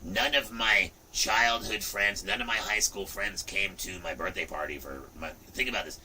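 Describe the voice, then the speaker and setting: A man in his fifties hosting a livestream, chatting casually in an animated, rambling way, often saying "look" and "you know". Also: fairly low pitch, normal speed, far from the mic, slight background noise, low-quality recording. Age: 50s. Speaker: livestream host.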